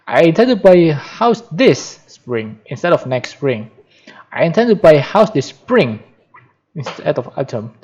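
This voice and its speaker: Lively non-native man reading aloud. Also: on the high side. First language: Spanish. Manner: careful reading with slips and restarts on words. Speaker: reader practicing aloud. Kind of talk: reading a book aloud for practice. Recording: dull lo-fi sound.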